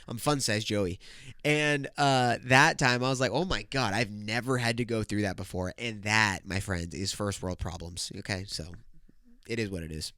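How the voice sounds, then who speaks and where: A man in his twenties hosting his own podcast from home, telling a story casually. He is animated, swears freely and laughs as he goes. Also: mid-range voice, smooth, dry recording, clean studio sound. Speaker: podcast host.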